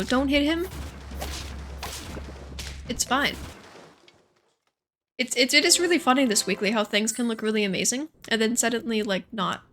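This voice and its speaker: Young woman streamer, higher bright voice, rambling self-talk while gaming. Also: a little hiss or hum. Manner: chatty, thinks aloud, quick asides and self-talk. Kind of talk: casual gameplay commentary.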